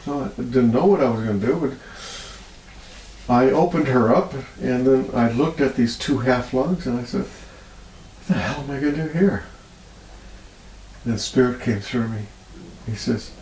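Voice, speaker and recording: A man's voice: moderate pace, pauses often, reverberant, a little hiss or hum, low-quality recording. Man telling stories with feeling. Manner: animated storyteller, laughs often, voice rises high when moved. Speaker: healer guest. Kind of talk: storytelling interview.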